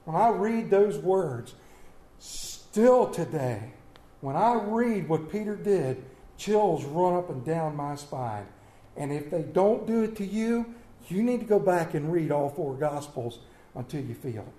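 A man preaching a sermon as pastor, impassioned and swinging from loud to hushed. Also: a little high, expressive, unhurried. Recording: echoey church room.

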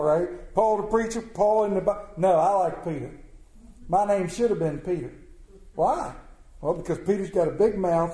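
A man's voice: high-pitched, warm tone. A middle-aged man preaching a sermon in a folksy, plainspoken way, putting questions to his congregation. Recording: echoey room.

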